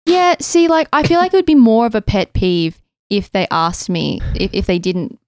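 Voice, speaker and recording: Young female co-host, expressive and chatty; dry close recording. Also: mid-range voice, moderate pace, dry recording. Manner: animated, reads out listener messages. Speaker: podcast co-host. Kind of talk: casual chat.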